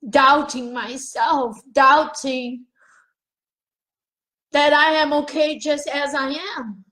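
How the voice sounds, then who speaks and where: A woman's voice: high-pitched, fairly even intonation, slow pace, bright, forceful tone, rough recording. A woman giving a raw, profane self-help monologue on a live video, questioning herself aloud.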